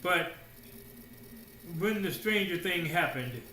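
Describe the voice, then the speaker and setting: A man preaching a sermon in a casual, slangy way, swinging between hushed asides and loud declarations with many rhetorical questions. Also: sits high, lively intonation, slow pace, a little hiss or hum. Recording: roomy echo.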